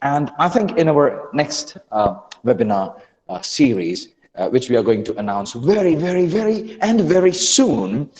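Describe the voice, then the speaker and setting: In an online lesson, a pronunciation and accent trainer coaxes his students along, animated and frequently restarting his sentences. His voice sits a little high and moves unhurriedly, trailing a long reverb tail.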